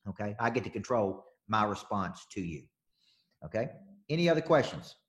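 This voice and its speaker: A man's voice: fairly low pitch, very animated, moderate pace. A man coaching on sales during a live webinar, talking emphatically and repeating his points as he answers questions.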